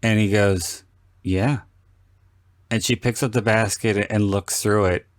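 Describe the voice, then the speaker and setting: A man hosting a podcast, chatting casually about a film and acting out scenes with lively, sweary retellings. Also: lowish voice, moderate pace, no echo, studio quality. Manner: animated storyteller, acts out quoted lines with swearing. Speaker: podcast host. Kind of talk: casual film commentary chat.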